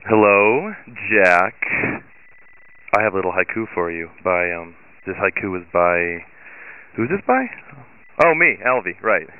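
A man's voice: deep voice, expressive, measured pace, clear, resonant tone. A man leaving a goofy voicemail, playing dumb and swearing for effect. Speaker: voicemail caller. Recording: tinny phone voicemail with faint noise.

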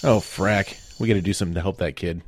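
Deep-voiced man in a crude comic ad. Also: fairly even intonation, quick pace, faint music behind. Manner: blunt, crude. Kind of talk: comedy sketch ad.

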